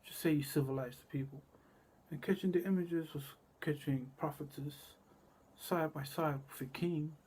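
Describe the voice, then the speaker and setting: A man delivering a rambling, cryptic monologue, repeating words and drifting between low murmurs and loud bursts. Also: fairly even intonation, normal speed, slightly rough.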